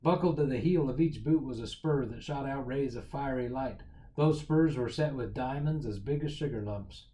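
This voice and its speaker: Guy reading a kids picture book out loud, mellow warm tone, expressive. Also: mid-range voice, moderate pace, low-quality recording. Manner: lively expressive storytelling. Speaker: storyteller.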